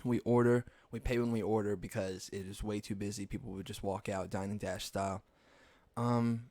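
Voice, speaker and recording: A man's voice: lowish voice, steady tone, normal speed, vocal fry, darkish tone, no room sound. A young man hosting a podcast, rambling through casual, profane stories and laughing at his own jokes. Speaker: podcast host. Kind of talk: casual storytelling monologue.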